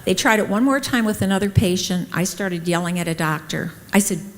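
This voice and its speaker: A woman's voice: medium pitch, fairly quick, a little hiss or hum. A middle-aged woman, a nurse, telling personal stories at a conference and acting out the dialogue. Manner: lively, acts out quoted dialogue. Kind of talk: personal storytelling talk. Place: conference hall. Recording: long hall reverb.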